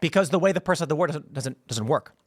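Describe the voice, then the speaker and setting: A man in his thirties, from the United States, hosting online commentary in a rambling, animated way, often acting out voices. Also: a little high, quick pace, no room sound, clean studio sound. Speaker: host. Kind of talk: online commentary on a news clip.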